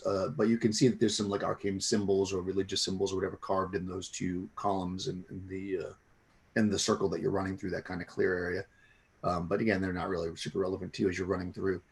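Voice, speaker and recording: Casting: low, gravelly man running a tabletop game, rambling narration. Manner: rambling, many restarts. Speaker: game master.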